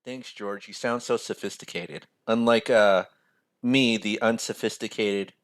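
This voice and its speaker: A man's voice: lowish voice, steady tone, measured pace. Chatty American man explaining finances. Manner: chatty, rambling, says "right?" often. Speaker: financial mentor, video host. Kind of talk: casual explainer video.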